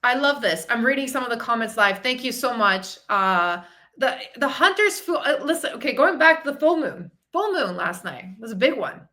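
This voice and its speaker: Woman, motivational coach, live-stream chat, upbeat and chatty, bright voice, slightly high. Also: lively intonation, normal speed. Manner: upbeat, chatty, reads viewer comments aloud. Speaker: fitness and mindset coach, podcast host.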